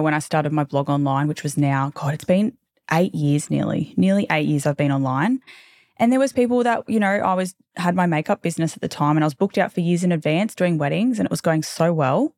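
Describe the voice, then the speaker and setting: A woman's voice: a little mellow, no room sound, clean studio sound. A woman in her thirties hosting a podcast, talking in a candid, chatty way with casual swearing and tangents. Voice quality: low, not girly voice. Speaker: podcast host. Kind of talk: casual chat.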